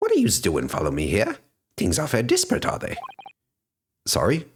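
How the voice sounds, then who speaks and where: A boisterous, lavish Irish gentleman with money to burn, as a man reads him from a game. The put-on Irish lilt swoops from a deep base up into sudden high leaps. It is a lively, booming, sing-song delivery. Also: normal speed, slight background noise. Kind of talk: reading game dialogue aloud.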